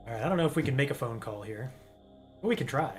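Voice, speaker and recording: A man's voice: mid-range voice, expressive, fast, soft background music. Rambling joking man playing a game. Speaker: gaming streamer. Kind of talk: let's play commentary.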